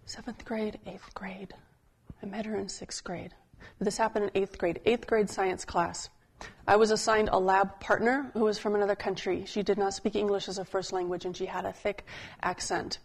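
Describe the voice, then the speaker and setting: A woman's voice: mid-range voice, steady tone, creaky, husky. Woman pastor preaching in a conversational way. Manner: conversational storytelling preaching, slowing for emphasis. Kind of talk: sermon.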